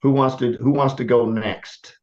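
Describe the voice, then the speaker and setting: A man's voice: medium pitch, steady tone, unhurried, darkish tone. Man coaching sales calls, lo-fi audio. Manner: encouraging, demonstrates voice tones. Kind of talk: call review coaching. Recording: lo-fi call audio.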